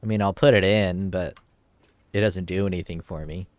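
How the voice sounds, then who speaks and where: A game streamer with a deep voice casually comments on his gameplay at a normal speed, swearing freely, getting excited, and reading item text aloud. The recording has no room sound.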